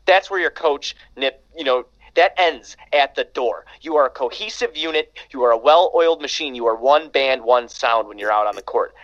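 A man's voice: medium pitch, normal speed, few pauses, a bit bright. A man co-hosting a sports podcast, talking in a laid-back, rambling way. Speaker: podcast co-host. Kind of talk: casual sports talk. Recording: dull lo-fi sound.

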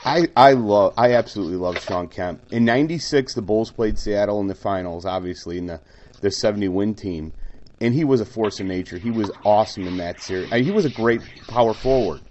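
Eager lower-voiced co-host, muffled sound. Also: male voice, brisk, a little mellow, a little hiss or hum. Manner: eager questioner, stammers into follow-ups. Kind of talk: casual sports chat.

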